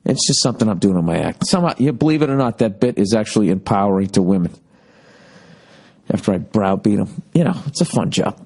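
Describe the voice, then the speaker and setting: A man's voice: on the low side, animated, quick pace, darkish tone, slightly rough. A man hosting his own podcast, telling road stories in a loose, profane, rambling monologue. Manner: profane, rambling storytelling with mocking impressions. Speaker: podcast host. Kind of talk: casual monologue.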